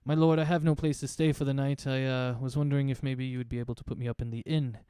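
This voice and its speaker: Dude doing a polite soldier guy reporting to his lord, smooth voice, dry sound. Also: mid-range voice, steady tone, fast, warm tone, dry recording, lightly acted. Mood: deferential. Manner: formal, deferential. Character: dutiful male soldier of the Empire. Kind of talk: tabletop role-play voicing.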